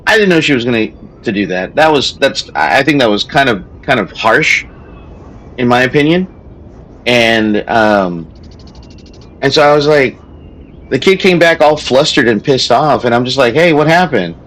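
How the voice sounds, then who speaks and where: A man's voice: medium pitch, expressive, moderate pace, fairly bright tone, rough recording. A man, a streamer who also teaches, chatting casually while he plays a strategy game, telling a story in a rambling way with many restarts.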